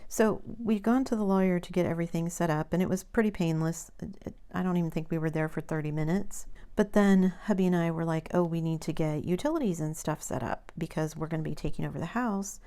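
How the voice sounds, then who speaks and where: Low-voiced chatty American woman. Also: fast, mellow. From United States. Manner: chatty storytelling with quoted dialogue. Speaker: crafting channel host. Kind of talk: rambling casual chat.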